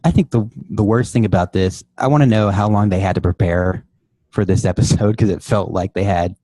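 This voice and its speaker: Low, mellow man chatting on a podcast. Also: brisk, no room sound. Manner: easygoing, laughs along, asks questions. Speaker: podcast co-host. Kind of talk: casual chat.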